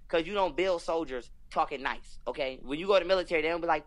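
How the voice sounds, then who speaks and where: A man's voice: on the high side, fast, hardly any pauses, a bit bright. A young man, talking in an emphatic, profane, preachy rant as a podcast guest. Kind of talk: heated casual conversation.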